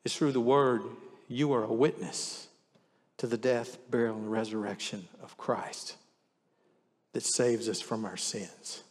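A man's voice: medium pitch, fairly even intonation, a little slow, big-room sound. A man preaching a sermon in an earnest manner, reading scripture aloud with shifting emphasis. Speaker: pastor.

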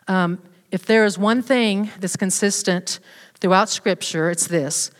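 A woman's voice: mid-range voice, measured pace. A woman giving a personal faith testimony to a group, talking casually with many fillers and restarts. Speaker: speaker at a church women's event. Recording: long hall reverb.

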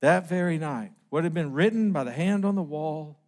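A middle-aged man preaching a sermon, emphatic and slowing down on key phrases. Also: fairly high pitch, a little mellow.

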